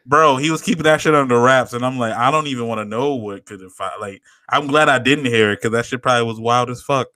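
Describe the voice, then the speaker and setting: A man's voice: medium pitch, quick pace, few pauses, bright, forceful tone, no echo. A man co-hosting a podcast, telling stories in casual chat, swearing freely and laughing often. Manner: laid-back storyteller, swears a lot, laughs often. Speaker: podcast co-host.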